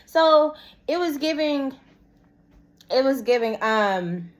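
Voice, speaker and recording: Expressive young woman telling her story. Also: high-pitched, slow. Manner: expressive, talks straight to viewers as "y'all". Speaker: vlogger. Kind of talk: casual storytime monologue.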